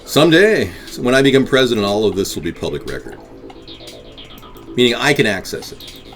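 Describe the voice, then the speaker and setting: Male live-stream host, lowish voice, rambling and combative, faint music underneath. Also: very animated, a little fast, a bit bright. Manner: rambling, combative toward chat.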